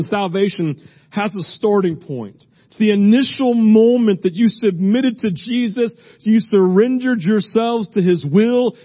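A man's voice: high voice, dull audio. A man preaching a sermon as pastor, emphatic and repetitive, driving his points home with repeated phrases.

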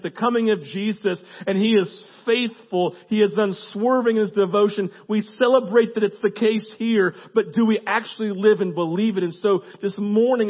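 A man preaching a sermon as pastor, animated and conversational with asides. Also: high voice, dull audio. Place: church.

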